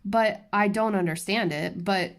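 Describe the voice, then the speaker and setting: A woman vlogging from her crafting table at home, talking candidly and ranting to her viewers with quick restarts and asides. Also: mid-range voice. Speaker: diamond painting YouTuber. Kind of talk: casual chatty vlog while crafting.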